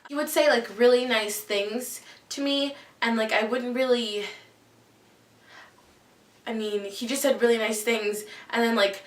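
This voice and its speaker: A woman's voice: fairly high pitch, steady tone, unhurried, recorded from a distance. A girl in her late teens, vlogging casual stories to camera in a rambling way, full of "like" and "um". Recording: echoey room, mic set back.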